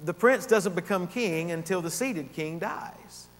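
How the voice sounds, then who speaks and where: A man's voice: sits high, measured pace. A man preaching an expository sermon, teaching earnestly and rising in emphasis on key points. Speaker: pastor. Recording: long hall reverb.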